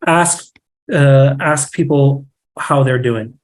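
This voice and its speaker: A man's voice: mid-range voice, takes it slowly, low-quality recording. A man talking candidly as a podcast guest, acting out little bits of dialogue as he makes his points. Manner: candid, animated, acts out quoted dialogue. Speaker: podcast guest, real estate marketing director. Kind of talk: casual podcast conversation.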